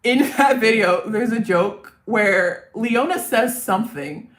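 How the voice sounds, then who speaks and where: A woman's voice: a little high, animated, slow pace. A woman streamer chatting casually about songwriting drafts, rambling and self-deprecating. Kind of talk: casual livestream chat.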